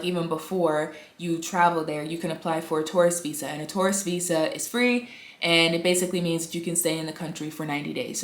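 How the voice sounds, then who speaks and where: Woman rambling to her vlog camera at home, lowish voice, lots of "you know", roomy echo. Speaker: vlogger. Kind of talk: casual chat to camera. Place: indoors at home, upstairs. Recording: echoey room.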